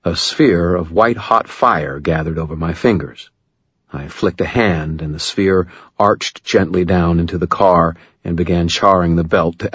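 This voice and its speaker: A man narrating a first-person audiobook in a measured, low-key way. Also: breathy edge, no echo, highs cut off.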